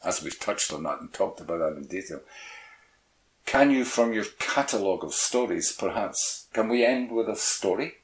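Low-voiced man host, echoey room. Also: expressive, normal speed. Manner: hesitant, repeats words. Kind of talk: casual chat. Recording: echoey room with faint hiss.

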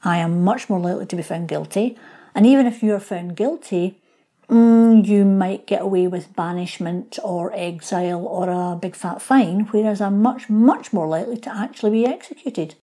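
A woman's voice: mid-range voice, moderate pace, dark tone. A woman historian explaining things in an interview, sometimes acting out the people she describes. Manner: explanatory, acts out quoted voices. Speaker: local historian guest.

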